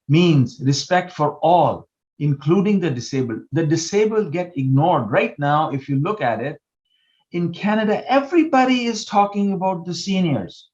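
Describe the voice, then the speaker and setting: A man's voice: medium pitch, a little mellow, muffled recording. An older man speaking as a guest in a panel discussion, impassioned and emphatic, asking rhetorical questions over a video call. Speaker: guest, disability housing advocate.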